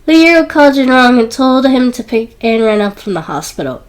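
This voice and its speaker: A woman narrates a romance audiobook in a high, light voice. She reads in a steady storytelling manner and pitches up further whenever a character speaks. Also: moderate pace, hardly any pauses, rough recording. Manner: lifts her voice higher for quoted characters. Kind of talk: scripted narration.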